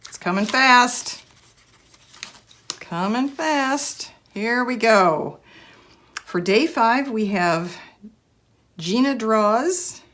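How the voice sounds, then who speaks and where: A woman's voice: on the high side, a bit bright. Giggly lady crafter gushing over stickers, voice bouncing all over, takes her time. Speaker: crafting channel host. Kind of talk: casual crafting vlog chat.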